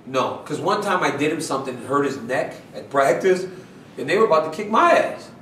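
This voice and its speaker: Animated man telling a story, roomy room. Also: a little high, fairly quick, far from the mic, slight background noise. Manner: animated, laughing, acts out quotes. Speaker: fighter being interviewed. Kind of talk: casual storytelling in a media scrum.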